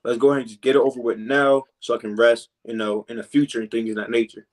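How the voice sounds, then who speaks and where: A medium-pitched man teaches from scripture in an easygoing preaching style. He fills his pauses with "man" and "you know," and he reads the verses slowly and deliberately.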